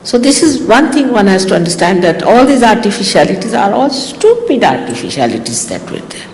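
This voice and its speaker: A woman's voice: mid-range voice, fairly quick. An older woman with an Indian accent gives an informal, teasing talk to her followers as a spiritual teacher, acting out little exchanges as she goes. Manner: teasing, animated, acts out quoted exchanges. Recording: echoey hall, faint hiss, old archive tape.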